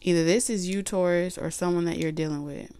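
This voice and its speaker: A woman's voice: on the low side, fairly even intonation, fairly quick, warm tone, clean tone, no room sound, soft background music. A woman doing a casual tarot reading, chatty and full of fillers, who says she is losing her voice. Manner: chatty, loose and repetitive with many fillers. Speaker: tarot reader.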